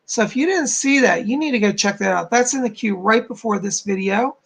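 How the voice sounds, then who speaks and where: A man's voice: sits high, fairly quick, gravelly, a bit bright. A man hosting a psychic live stream, chatting casually and bubbling over as he greets viewers by name and reads their comments.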